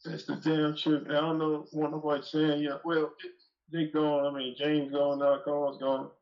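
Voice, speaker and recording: A man's voice: fairly high pitch, completely flat delivery, normal speed, dull audio. A man telling a long, profane, rambling story on a live call-in show. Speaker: guest dog breeder.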